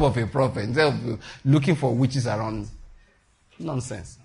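A man's voice: medium pitch, normal speed, vocal fry, a little mellow. A man preaching a sermon in an emphatic, repetitive style, calling out to his congregation. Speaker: pastor.

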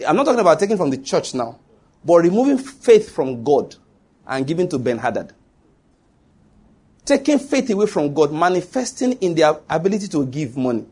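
A middle-aged man preaching a sermon, emphatic, asking his congregation questions and dropping to hushed, slow tones for quoted lines. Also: a little high, husky.

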